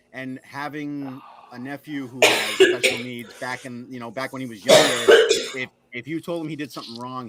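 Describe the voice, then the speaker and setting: A man casually telling a story to friends in a profane, self-deprecating way, with loud outbursts. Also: mid-range voice.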